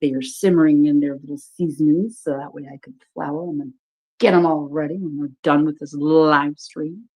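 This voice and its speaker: A woman's voice: low-pitched, steady tone, moderate pace, dark tone, breathy edge. A woman co-hosting a livestream, folksy and chatty, greeting viewers by name. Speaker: livestream co-host. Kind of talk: casual livestream chat.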